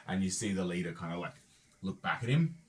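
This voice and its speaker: A man narrating as dungeon master in a casual tabletop game session. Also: low voice.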